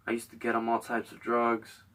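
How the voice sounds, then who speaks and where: A man's voice: medium pitch, monotone, normal speed, fairly bright tone, recorded from a distance. A young man hosting a show, telling a heated, profane story full of acted-out quotes. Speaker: podcast host.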